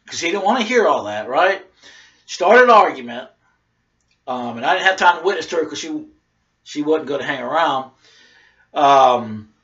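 A man preaching in a loose, conversational way, drifting through a personal story with frequent "you know" and "right?" asides. His voice sits a little high for a man. The recording sounds dull and lo-fi. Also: fairly bright tone. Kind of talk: informal sermon with personal story.

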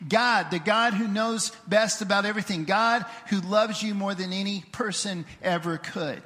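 A man preaching a sermon as pastor, emphatic, shifting his loudness and pace and leading the congregation in responses. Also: sits high, moderate pace. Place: church sanctuary. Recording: livestream with long hall reverb.

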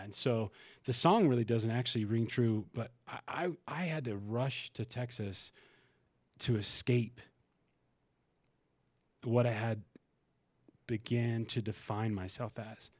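A man's voice: medium pitch, unhurried, pauses often, no room sound. A man talking as a podcast guest, frank and emotional, swearing and restarting his sentences as he tells a personal story. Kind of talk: candid conversational storytelling.

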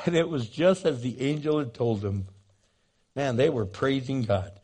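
A man preaching a sermon, animated and jokey, acting out the scenes he describes. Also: mid-range voice, moderate pace. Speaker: pastor.

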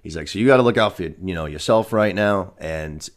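A man's voice: low voice, brisk. A man hosting a podcast, recapping a TV season in casual, profane chat full of "you know what I mean". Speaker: podcast host.

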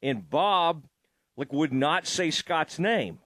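A man's voice: on the high side, animated, takes it slowly, a bit bright, no echo. Brief: male sports host, conversational and reflective, close dry recording. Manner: reflective, thinks aloud while asking. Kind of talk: casual interview chat.

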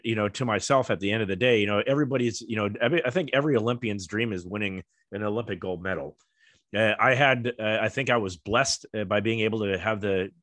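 A man's voice: fairly low pitch, a bit bright, no room sound. A middle-aged American man, a former athlete, telling stories in a rambling casual way with lots of fillers. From United States. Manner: rambling, many fillers, acts out quoted voices. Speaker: guest, former Olympic kayaker. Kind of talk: casual storytelling interview.

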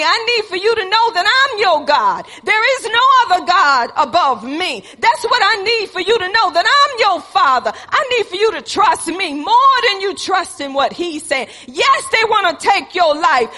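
A woman preacher voicing God addressing a faithful servant, with loud, impassioned, fatherly declarations. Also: very high-pitched, long reverb tail, voice pushed up, heavily acted.

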